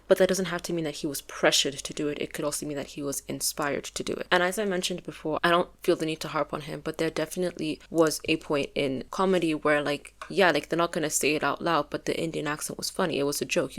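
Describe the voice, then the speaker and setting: A young woman giving opinionated casual commentary as a video essayist, with lots of fillers. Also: sits low. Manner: opinionated, filler-heavy, conversational.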